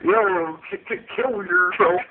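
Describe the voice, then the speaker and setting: A man's voice: sits high, slow pace. A man trading crude mocking insults in a voice chat roast, laughing at his own jokes. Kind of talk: trash-talk roast over voice chat. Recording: tinny phone-like voice chat with faint noise.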